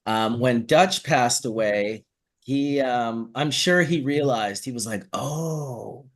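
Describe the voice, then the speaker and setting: Male host, mid-pitched, easygoing raconteur with a salty mouth. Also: slow pace. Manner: animated storyteller, swears casually. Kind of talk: casual chat.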